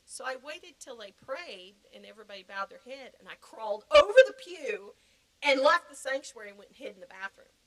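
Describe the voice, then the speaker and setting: An older woman telling a personal story in a podcast interview, animated and laughing often. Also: fairly high pitch, brisk, rough recording. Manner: animated, laughing, acting out quoted reactions. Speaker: guest.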